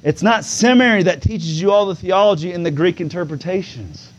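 A man with a voice that sits high preaches a sermon to a congregation. He shifts from easy, conversational talk into loud, drawn-out preaching, calling out "come on now."

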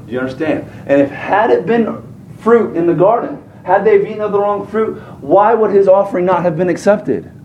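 A man's voice: high-pitched, expressive, moderate pace, echoey room, recorded from a distance, highs cut off, a little hiss or hum. A man preaching a sermon in a folksy, colloquial manner, throwing rhetorical questions at his congregation. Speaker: pastor.

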